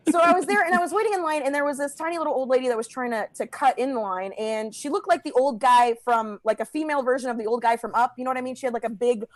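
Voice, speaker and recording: A young woman performing a stand-up set, brash and profane, laughing through her lines and acting out the people in her stories in quieter voices. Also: high-pitched, quick pace, few pauses. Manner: brash, profane and self-mocking, often laughing mid-line; acts out other people in a quieter voice. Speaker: stand-up comedian. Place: Los Angeles.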